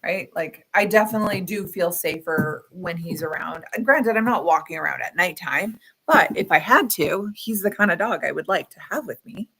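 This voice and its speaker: A woman co-hosting a podcast from her home office, chatting casually and telling animated stories. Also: lowish voice, moderate pace, hardly any pauses, breathy edge. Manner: chatty, animated storytelling about her dog. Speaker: podcast co-host. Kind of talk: casual chat. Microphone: desk microphone on a video call.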